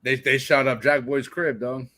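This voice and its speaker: With a mid-range voice at normal speed, a Florida podcaster in his twenties relates a profane, casual anecdote. He performs the other people's voices with animated energy.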